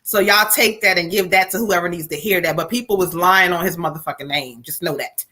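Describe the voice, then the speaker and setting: A woman's voice: on the low side, brisk, pushed and bright. A woman psychic medium on a casual live-stream reading, relaying a spirit's words in slangy, profane bursts.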